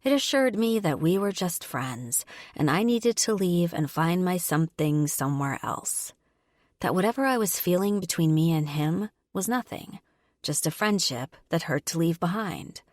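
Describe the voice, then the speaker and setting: Woman narrator, low voice, steady first-person romance read, dry close sound. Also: normal speed, no room sound. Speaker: audiobook narrator.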